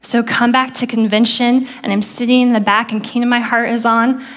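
Woman, 30s, church speaker; earnest testimony storytelling, hushed on quoted prayers. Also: a little high, little pitch movement, moderate pace. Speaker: preacher sharing testimony. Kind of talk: sermon testimony.

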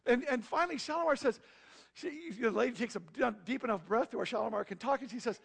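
A middle-aged man preaching, telling a story in a lively, conversational way with asides to his congregation. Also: very high voice, fast, vocal fry, breathy edge. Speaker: pastor. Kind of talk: storytelling sermon.

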